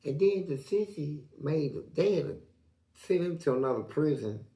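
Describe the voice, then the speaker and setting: A man's voice: normal speed, gravelly, roomy sound. A man, a guest in an interview, tells stories in profane street slang and acts out the voices in them. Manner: animated, acts out quotes with big jumps in pitch. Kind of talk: storytelling in an interview.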